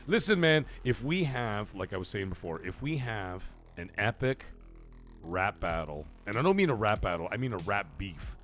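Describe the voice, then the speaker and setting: There's a little hiss or hum under this man's lowish voice as he speaks at a normal speed. Hosting a late-night gaming stream, he chats loosely and animatedly, cursing freely, reading viewer messages out loud and thanking people.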